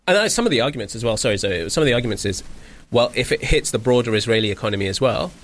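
A man co-hosting a radio talk show, talking rapidly, with restarts and frequent "right?" tags. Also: mid-range voice, expressive, a little hiss or hum. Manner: rapid, with restarts and tag questions. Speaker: radio co-host. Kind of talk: political discussion. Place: radio studio.

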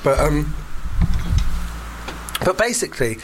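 A man's voice: on the high side, sing-song, slow, gravelly, noisy background. A man co-hosting a casual podcast chat, jokey and wry. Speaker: podcast co-host.

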